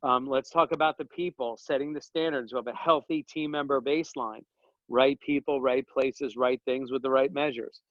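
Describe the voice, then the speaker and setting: A man talks in a casual podcast chat at a middle pitch, energetic and full of jokes, wandering off into slang asides. The audio is dry with no room sound and slightly dull. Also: normal speed, no echo. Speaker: podcast guest, dental business coach and author.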